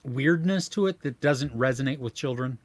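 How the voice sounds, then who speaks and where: A man co-hosting a movie podcast in casual chat, jokey and animated, playing up mock threats. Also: mid-range voice, moderate pace, no echo. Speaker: podcast co-host.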